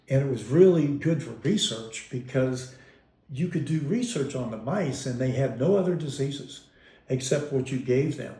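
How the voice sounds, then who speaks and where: A man in an interview wanders through old family memories, breaking off and restarting sentences with an amused, chuckling ease. His voice sits at a mellow, warm tone of middle pitch. The recording carries a roomy echo around him. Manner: rambling, self-interrupting, amused storyteller. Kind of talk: casual reminiscing.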